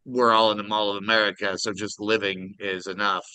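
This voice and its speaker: A man's voice: lowish voice, level tone, brisk, sharp tone, clear, resonant tone, no echo, poor audio. A middle-aged man co-hosting a casual podcast over a video call, telling a story animatedly and acting out the voices in it. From Minnesota. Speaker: podcast co-host.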